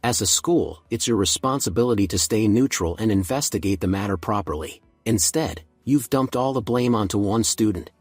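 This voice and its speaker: A man's voice: lowish voice, expressive, moderate pace, hardly any pauses, slightly rough, no room sound, faint music behind. A man voicing an earnest young woman reporter who protests, in a comic recap.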